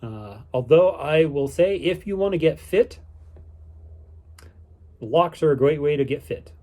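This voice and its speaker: A man's voice: fairly high pitch, lively intonation, unhurried, mellow. A man giving a casual, rambling spoken recap of his day, easygoing and upbeat, with lots of fillers and restarts. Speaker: vlogger on a canal boating holiday.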